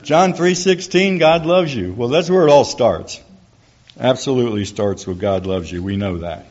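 A middle-aged man with a medium-pitched, darkish voice speaks at a moderate pace, sharing a folksy church testimony with an audience and acting out the people he quotes. The recording is dull and lo-fi.

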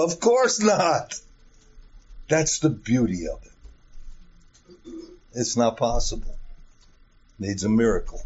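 A man's voice: mid-range voice, darkish tone, slightly rough. A middle-aged or older man preaching a sermon emphatically. He asks rhetorical questions and repeats key phrases. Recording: dull lo-fi recording.

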